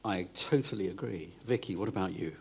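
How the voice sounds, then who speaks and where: A man's voice: deep voice, a little fast, gravelly, a little mellow, a little hiss or hum. A man hosting an onstage interview at a book festival, attentive and prompting with follow-up questions. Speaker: event host and interviewer. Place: book festival event stage.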